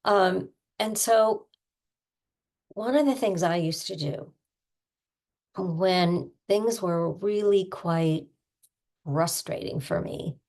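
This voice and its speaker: An older woman giving a self-help tapping lesson in a gentle, encouraging manner. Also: lowish voice, takes it slowly, long pauses. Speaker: tapping coach.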